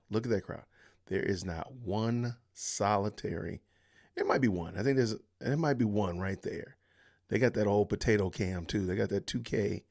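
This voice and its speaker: On his live-stream podcast, a male host vents exasperation at what he's reacting to. He sighs, speaks directly to his viewers, and lets his pitch swing lively.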